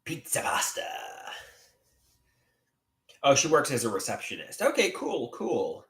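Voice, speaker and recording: A man chatting casually on a livestream, reading out viewer comments and rambling with theatrical swings in pitch and volume. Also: huge pitch swings, normal speed, a bit bright, echoey room.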